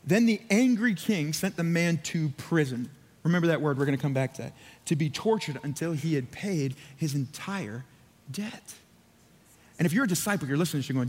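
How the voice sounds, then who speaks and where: High-voiced pastor preaching in a hall. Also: male voice, animated, brisk, a little mellow, breathy edge. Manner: conversational, filler-heavy preaching with acted-out quotes. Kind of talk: sermon. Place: church sanctuary. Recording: church hall reverb.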